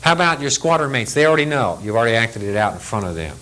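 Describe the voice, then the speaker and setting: A man's voice: mid-range voice, very animated, quick pace, pushed and bright, poor audio. An older man delivers a safety lecture to pilots in a blunt, folksy way. He speaks plainly and acts out the people he quotes. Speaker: aviation safety instructor. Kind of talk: lecture briefing.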